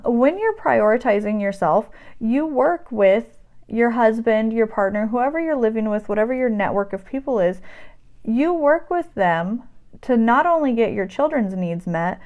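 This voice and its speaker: A woman's voice: a little high, darkish tone. A woman in her thirties talking straight to camera about motherhood and self-care, emphatic and direct, often checking in with "right?" and "okay?". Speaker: vlogger and mother giving self-care advice. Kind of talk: direct-to-camera advice talk.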